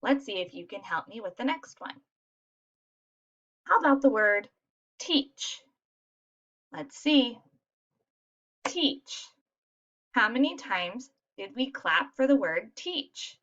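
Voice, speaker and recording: A woman's voice: fairly high pitch, animated, measured pace, fairly bright tone. A woman teaching a lesson to young children in an encouraging classroom voice. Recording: dull lo-fi recording.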